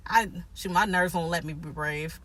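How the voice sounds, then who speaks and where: A woman's voice: fairly low pitch, slow pace, fairly bright tone, a little hiss or hum. A young woman co-hosting a casual chat, giggling often and swearing casually. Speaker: podcast co-host. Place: inside a parked car.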